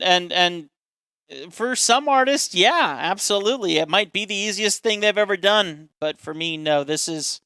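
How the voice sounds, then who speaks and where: A man's voice: a little high, sharp tone, clean tone, no room sound, clean studio sound. A man casually chatting on a live stream while demonstrating a caricature drawing step by step, self-deprecating and talkative.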